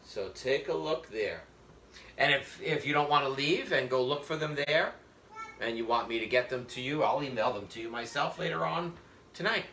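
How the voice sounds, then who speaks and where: This cooking instructor has a mid-range, gravelly voice with a sharp edge, speaking at normal speed as he leads a live online class over a video call. He jokes, chats and uses lots of fillers while explaining every step, and his webcam captures an echoey room with a bit of background noise.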